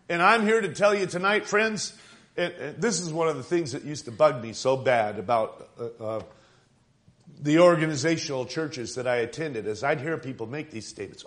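A man's voice: on the high side, a bit bright. A male pastor giving an emphatic evening sermon, repeating phrases and asking his congregation "right?".

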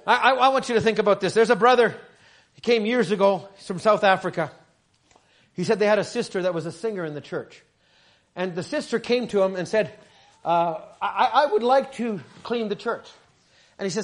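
A middle-aged man preaching a sermon in a high voice. He stumbles and repeats himself as he starts sentences, then builds his points up into shouted lines. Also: fairly quick. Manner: stammering restarts, rising to shouts.

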